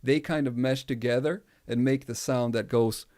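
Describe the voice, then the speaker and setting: A man's voice: medium pitch, steady tone, normal speed, darkish tone. A man chatting loosely on a livestream, rambling, laughing often and swearing freely. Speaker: music producer livestream host. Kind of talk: casual livestream chat.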